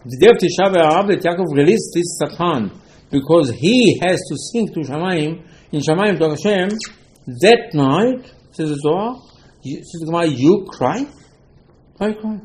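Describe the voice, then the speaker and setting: A man's voice: a little high, lively intonation, moderate pace, darkish tone, low-quality recording. A man teaching a Torah lesson as a rabbi. He speaks emphatically in slightly broken English and keeps firing rhetorical questions.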